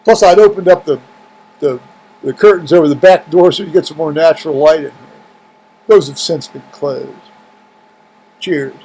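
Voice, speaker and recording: Man, high voice, middle-aged, rambling home vlog talk, restarts often. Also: normal speed, long pauses, mellow, slightly rough, poor audio. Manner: rambling, many restarts and fillers. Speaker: video blogger. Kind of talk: casual talk to camera. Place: home room with heaters running.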